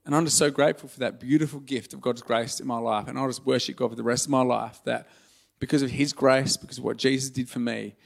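A man's voice: mid-range voice, steady tone, fast, creaky. A man preaching a sermon in a church, earnest and conversational, turning emotional and joking at his own expense. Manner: earnest, emotional and conversational, with self-deprecating humor. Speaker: pastor. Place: church hall.

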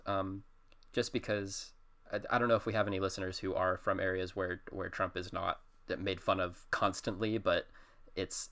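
A young man with a fairly low voice rambles through a story on a casual podcast. He stumbles over his words, restarts often and laughs between sentences. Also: vocal fry, fairly bright tone. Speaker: podcast co-host. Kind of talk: casual chat.

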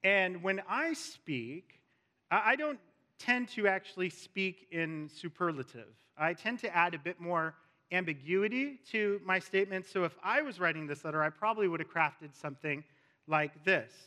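A male pastor preaching a sermon in a church, slow and emphatic, repeating key words for weight. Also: high-pitched, animated, pushed and bright. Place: church sanctuary with a screen. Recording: long reverb of a large hall.

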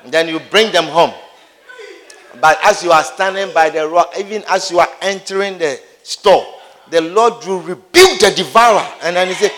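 A man's voice: sits high, normal speed, a bit bright. A male preacher giving a sermon who acts out everyday scenes and repeats key phrases for emphasis. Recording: long hall reverb.

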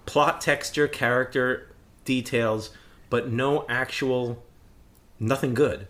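A man co-hosting a casual chat, an animated storyteller who acts out quotes and laughs often. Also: mid-range voice, slow. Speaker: podcast co-host.

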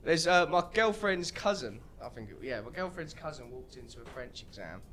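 A young man on a casual podcast, telling stories in a rambling way, known for a loud laugh. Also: mid-range voice, sing-song, moderate pace. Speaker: podcast co-host. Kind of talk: casual chat among friends.

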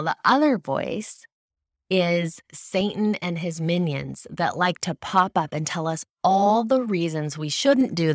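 A woman speaks in a somewhat low voice, earnest and explanatory as she teaches about faith. The recording is dry and close, with no room sound. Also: no echo. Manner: earnest, explanatory, with occasional restarts. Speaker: devotional speaker. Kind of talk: faith-based teaching talk.

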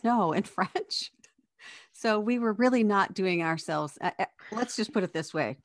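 A woman's voice: low-pitched, no room sound, studio quality. A woman from the United States co-hosting a casual chat, an amused, chatty storyteller. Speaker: podcast co-host.

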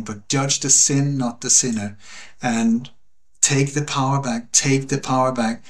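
Guy, earnest and emphatic, repeats stuff for weight, mid-pitch voice on a call. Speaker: interview guest. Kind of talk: passionate conversational monologue.

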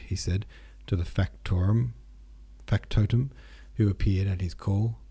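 A man narrating a classic novel in a low, husky voice with a dark, mellow tone. His reading is steady and unhurried, with the occasional small slip corrected on the spot. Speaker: audiobook narrator. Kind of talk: scripted narration.

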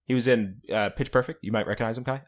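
A man's voice: mid-range voice, fairly even intonation, fast. A man co-hosting a podcast, speaking casually and hesitantly with many fillers. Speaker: podcast co-host. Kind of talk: casual chat.

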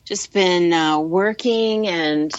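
Slow, easygoing woman comedian. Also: on the low side, no room sound, dull audio. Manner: slow, easygoing, laughs often. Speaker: comedian and podcast co-host. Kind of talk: casual chat.

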